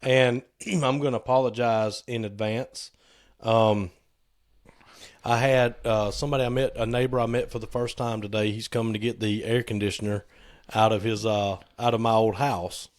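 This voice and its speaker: A man with a slightly hoarse voice chats on a casual podcast. He tells loose, joking stories and likes to tease his co-host. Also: fairly low pitch, steady tone, normal speed, no echo, studio quality. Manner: joking, teasing storyteller. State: a little hoarse.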